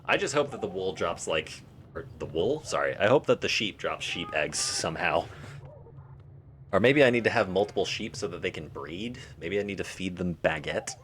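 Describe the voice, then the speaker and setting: A man's voice: low voice, animated, normal speed, fairly bright tone, a little hiss or hum. A man live-streaming a game, joking and thinking aloud as he answers chat. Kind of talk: casual live-stream chat while playing.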